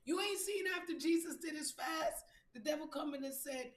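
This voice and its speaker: A woman's voice: high-pitched, lively intonation, moderate pace, few pauses, a bit bright. Blunt, profane woman preaching in an echoey room. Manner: repeats phrases for emphasis. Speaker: spiritual reader hosting a live stream. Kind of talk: motivational live-stream monologue. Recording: roomy echo.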